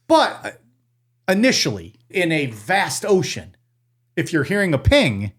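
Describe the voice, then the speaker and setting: A man co-hosting a casual podcast, swearing freely and acting out quotes in high voices. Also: big pitch swings, unhurried, long pauses, a bit bright, breathy edge. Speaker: podcast co-host. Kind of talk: casual chat.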